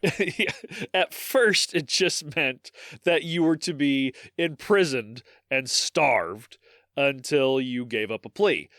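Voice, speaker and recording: Man, Midwestern accent, podcast host, animated pitch, dry close sound. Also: no echo. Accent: Midwestern American. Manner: animated, swearing, laughing storyteller. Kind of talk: casual history podcast chat.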